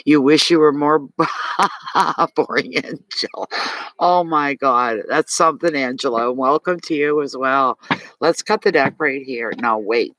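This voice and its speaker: Pitched in the middle and moving a little slowly, the man's voice has a sharp edge. He's a Maritime Canadian giving a live tarot reading, chatting energetically with viewers and taking their chat comments. The recording is rough, with no room sound.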